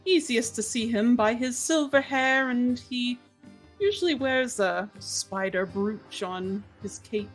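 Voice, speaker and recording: A woman's voice: sits high, sing-song, slow pace, faint music behind, voice pushed up, full character voice, poor audio. A woman voicing a sarcastic, irritable male moon elf shopkeeper in a tabletop game. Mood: grudging. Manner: exasperated, sarcastic, sighing.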